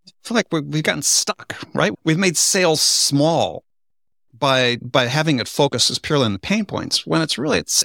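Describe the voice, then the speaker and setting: A man's voice: a little high, gravelly, bright, forceful tone, no echo, studio quality. An older man hosting a roundtable discussion, talking in a thoughtful, searching way with many restarts. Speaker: podcast host.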